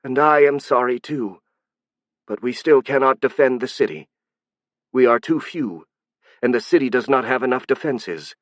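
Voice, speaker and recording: A man reading an audiobook, voicing a proud, stubborn alien hive queen with a shrill, strange edge. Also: expressive, moderate pace, long pauses, no room sound, close to an everyday voice. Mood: explaining. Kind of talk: audiobook narration.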